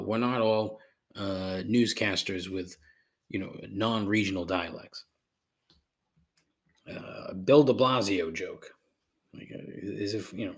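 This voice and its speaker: A podcast host rants solo in a casual episode, sarcastic and profane, wandering into rambling asides with frequent fillers. He has a fairly low, slightly bright voice.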